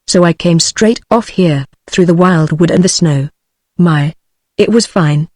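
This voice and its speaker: A text-to-speech British woman's voice reading the lines of a cheerful, bold male otter in even, synthetic tones. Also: lowish voice, no echo, clean studio sound, close to an everyday voice. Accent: British English.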